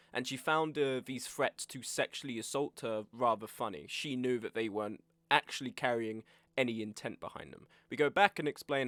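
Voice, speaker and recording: A man's voice: medium pitch, normal speed, few pauses, a bit bright, no room sound. Wry young male streamer with sore throat. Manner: chatty, wry, reads chat aloud while eating. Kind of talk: casual game stream commentary.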